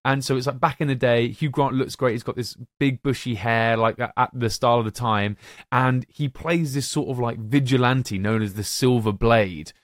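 A young man co-hosts a film-ranking podcast with infectious enthusiasm, calling out to listeners like a showman. His voice sits at a middling pitch. The sound is dry and close, with no room around it. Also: normal speed, no room sound. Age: young adult. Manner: animated, showman-like addresses to listeners. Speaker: podcast co-host.

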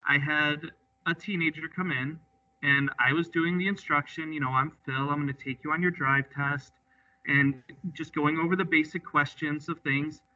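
Man telling examiner anecdotes, bright voice. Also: a little high, steady tone, normal speed. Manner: easygoing, recounts with quoted dialogue. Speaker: drive examiner. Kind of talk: storytelling in an interview. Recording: slightly distant, muffled audio.

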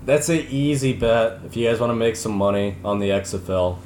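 A young man co-hosting a casual sports podcast, bantering and boasting in quick joking back-and-forth. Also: lowish voice, a little mellow. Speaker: podcast co-host. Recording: roomy, faint background hum.

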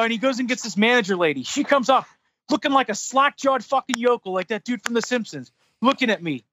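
A man's voice: very high voice, fast talker. A man casually retelling a frustrating story as a podcast host, heavy on swearing and getting heated. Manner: profane, heated, animated retelling.

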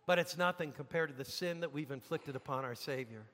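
A man preaching a sermon as pastor, emphatic, dropping to a hush and rising to loud peaks. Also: on the high side, brisk. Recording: long reverb of a large hall.

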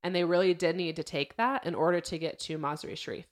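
A woman's voice: on the low side, fairly even intonation, fast talker. Chatty woman retelling a story. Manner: chatty storyteller, acts out quotes. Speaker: podcast host. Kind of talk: casual podcast chat.

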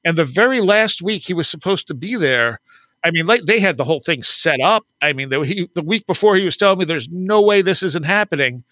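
This podcast guest, a man who writes books and researches the paranormal, speaks in a fairly high, animated voice that's a little fast, bright, and forceful, recorded dry. He tells his stories casually on an interview show, acting out quoted dialogue and laughing often in a chatty way.

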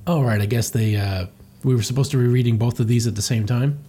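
A man's voice: medium pitch, fast, mellow, husky. A man reading through a comic and commenting sarcastically, swearing casually. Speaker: comic reviewer.

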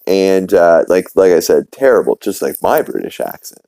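A man's voice: deep voice, lively intonation, normal speed, dark tone, dry recording. A male podcast host casually recapping an episode, rambling along with lots of fillers, restarts and casual swearing.

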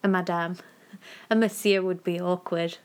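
A woman's voice: fairly low pitch, fairly even intonation, moderate pace, darkish tone. A woman, co-hosting a casual chat in a playful, teasing way and laughing often. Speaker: podcast co-host.

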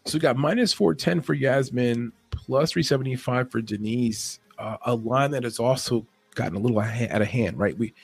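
A man's voice: medium pitch, creaky, breathy edge, no echo, faint music behind. A man giving a casual, loose breakdown of fight betting lines in podcast style, restarting his sentences often. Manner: talks fast and loose, restarts often, chuckles at his own points. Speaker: MMA betting analyst.

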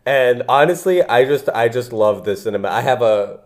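A man's voice: mid-range voice, lively intonation, normal speed. A young man in casual chat as a podcast co-host, rambling, restarting his sentences and laughing often.

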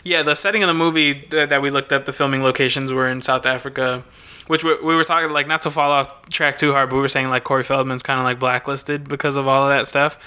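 A man's voice: mid-range voice, fast, clean tone. A man co-hosting a podcast, casually recapping a movie scene by scene and acting out the characters' lines. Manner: animated retelling, acting out dialogue. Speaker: podcast co-host.

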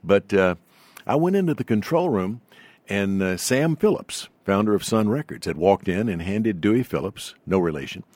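An older man with a faint Southern accent, telling stories as an interview guest in a polished, unhurried announcer's delivery. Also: fairly low pitch, animated, darkish tone, dry recording. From Southern United States. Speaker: guest, veteran broadcaster. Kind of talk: storytelling in an interview.

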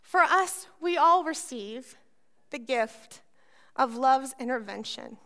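Animated high-voiced woman preaching. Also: slow pace. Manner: animated storytelling, acts out voices. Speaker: pastor. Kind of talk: sermon with personal story.

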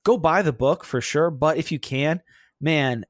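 A man's voice: on the high side, unhurried, no room sound, studio quality. A man hosting a casual interview, earnest and a little hesitant, who often restarts his sentences. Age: adult, father of sons. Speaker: podcast host.

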